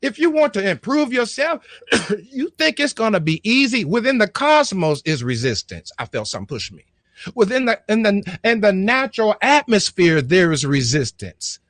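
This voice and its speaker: A middle-aged man with a high voice preaches to his online flock in a call-and-response style. He repeats words, restarts his lines and urges listeners to talk back. The sound is dry, with no room around it. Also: big pitch swings, moderate pace, fairly bright tone, no room sound. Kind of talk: motivational sermon to camera.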